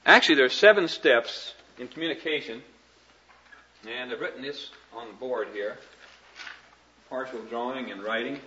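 A man's voice: mid-range voice, normal speed, pauses often, pushed and bright, muffled recording, a little hiss or hum. A man teaching a class on communication at a board, folksy and conversational, often checking in with his listeners. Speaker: Christian ministry teacher.

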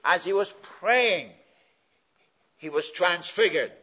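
A man preaching with a bright, forceful edge, swinging between quiet asides and loud, emphatic peaks. He keeps asking the listeners questions and answering them himself. The old recording sounds dull and lo-fi. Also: high voice, expressive, slow pace. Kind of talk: sermon.

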